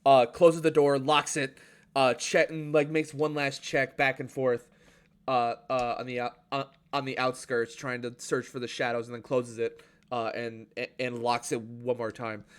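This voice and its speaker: A man narrating a tabletop game as game master, halting and filling his pauses with "uh" and "um". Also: medium pitch, level tone, clean tone. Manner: halting, full of fillers and restarts.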